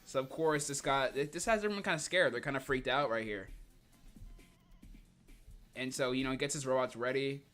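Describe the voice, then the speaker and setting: A man's voice: medium pitch, a little fast, long pauses, a bit bright, soft background music. A man livestreaming a comic reading, joking in heavy slang and laughing often. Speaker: streamer.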